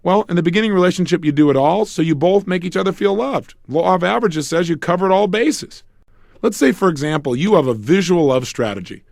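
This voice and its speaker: A man giving a motivational seminar on relationships, talking in an animated way and acting out couples' arguments with joking asides. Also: sits high, a little fast, creaky, dry recording, clean studio sound. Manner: animated, acts out quarrels between couples. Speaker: self-help speaker.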